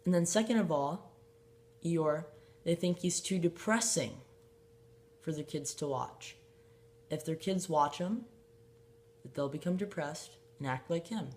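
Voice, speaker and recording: A man's voice: on the high side, unhurried, long pauses, a little mellow. A man hosting his own casual show, chatting through his points with lots of fillers and false starts. He giggles at his own jokes and keeps a loose, offhand tone. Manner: rambling, giggly, many fillers and restarts. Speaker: host. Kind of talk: casual solo show commentary.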